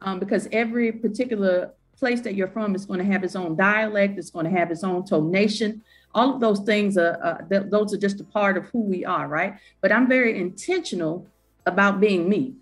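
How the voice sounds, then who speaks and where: A woman with a Southern US accent speaks emphatically on a discussion panel, often tagging her points with a checking "right?". She talks as a college professor, steady in pitch, with faint music under her voice. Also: moderate pace. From Southern United States.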